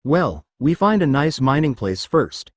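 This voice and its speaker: A man's voice: fairly high pitch, big pitch swings, measured pace, no room sound, clean studio sound. A man reading the part of a cheerful, naive infant female slime, with a blunt, matter-of-fact manner. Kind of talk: fan fiction reading.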